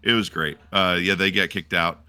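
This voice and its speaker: A man's voice: deep voice, steady tone, moderate pace, pushed and bright, clean tone. A man co-hosting a podcast, telling stories in casual chat and acting out other people's voices with laughter and swearing. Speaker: podcast co-host.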